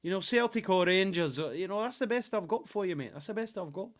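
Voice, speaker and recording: A man's voice: high voice, animated, fast. A man doing a put-on Scottish accent as an angry male football fan ranting about a match. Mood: sheepish. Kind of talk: casual livestream watchalong.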